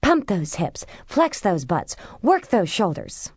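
A woman voicing a frightened young girl in an audiobook, her voice high, trembling and breathless. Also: big pitch swings, slow pace, a little mellow, slightly rough, no echo, studio quality, heavily acted. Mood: mock-cheerful. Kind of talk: audiobook character voice.

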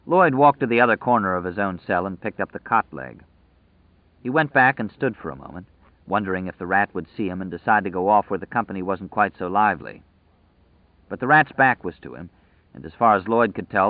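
Male audiobook narrator, lowish voice, measured and dramatic, dry tinny phone-quality sound. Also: dry recording.

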